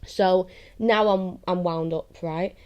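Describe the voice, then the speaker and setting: Mellow-voiced young woman rambling. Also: fairly low pitch, steady tone, slow pace, muffled recording. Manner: rambling, keeps asking "do you know what I mean". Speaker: vlogger. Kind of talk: candid confessional monologue.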